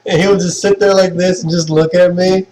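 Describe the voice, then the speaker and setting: A man's voice: high-pitched, little pitch movement, fairly quick, a little mellow, low-quality recording. A young man chatting casually to viewers on a livestream, gushing and sentimental and laughing often. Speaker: livestream host. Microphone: webcam stream mic.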